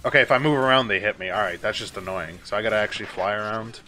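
A man's voice: on the low side, very fast, pushed and bright, slight background noise. A man giving casual let's-play commentary, exasperated and swearing often as he talks back at the game. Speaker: gaming YouTuber.

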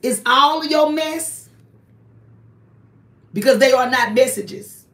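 A woman hosts a confrontational live stream, hammering one person with repeated accusing rhetorical questions in a preachy tone and calling on God. Her voice sits high and fairly bright, a little slow with long pauses, sounding distant from the mic in a roomy echo.

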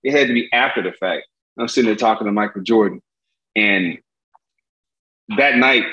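A middle-aged man from Indiana telling a story as an interview guest, acting out the voices in it with big jumps in pitch. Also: rough recording. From Gary, Indiana. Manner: lively storyteller, acts out quotes with jumps in pitch. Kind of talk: animated storytelling.

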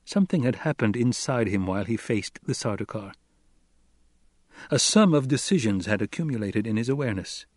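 A male narrator reads a novel aloud in a measured, even storytelling manner at a middle pitch. The studio audiobook sound is dry and close, with no room echo.

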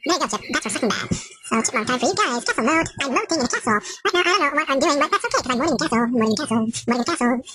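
Squeaky chipmunk filter. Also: male voice, animated, racing, over music. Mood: silly. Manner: sing-song, chanting nonsense phrases. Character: sped-up chipmunk version of himself, silly. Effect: pitched-up chipmunk filter.

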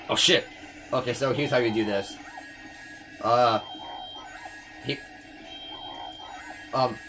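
A young man giving casual gameplay commentary, fast-talking, swearing, often stumbling over words. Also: medium pitch. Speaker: let's player.

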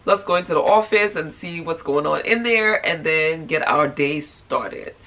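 A woman in her thirties with a stuffy, congested nose, chatting casually to camera from bed in a tired, low-energy way. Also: moderate pace, fairly bright tone. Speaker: vlogger. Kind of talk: casual morning vlog talk to camera. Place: at home in bed.

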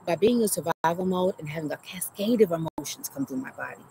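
An earnest woman therapist shares her own story with her audience while sitting in her garden. Her voice has a gravelly edge, and she sounds anxious and out of breath as she pauses to steady herself. Crickets chirp loudly throughout the outdoor recording. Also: lowish voice, background noise. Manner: earnest, emotional, often checks in with "right?", slows to breathe. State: anxious, heart racing while retelling. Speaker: therapist and show host. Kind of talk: personal trauma story mixed with teaching. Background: crickets and insects.

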